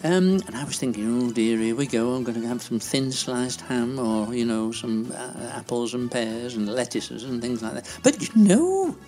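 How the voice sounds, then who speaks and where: A woman's voice: a bass voice, lively intonation, normal speed, few pauses, warm tone, soft background music. Woman playing a scatterbrained, chatty old lady. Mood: rambling. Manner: scatterbrained, mixes up words, scolds the host. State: out of breath. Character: chatty older woman, gossipy and bossy.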